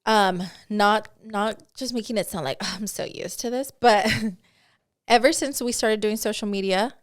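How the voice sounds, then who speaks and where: A young woman co-hosting a podcast in casual chat, animated, swearing a lot and laughing often. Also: medium pitch, normal speed, smooth. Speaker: podcast co-host.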